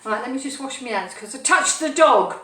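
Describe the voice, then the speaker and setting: A woman's voice: high-pitched, expressive, a little fast, pushed and bright, echoey room, far from the mic, slight background noise. A woman hosting a casual live cooking stream from her home kitchen, chatting playfully with viewers as she cooks. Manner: chatty, playful, sing-song asides. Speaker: cooking show host.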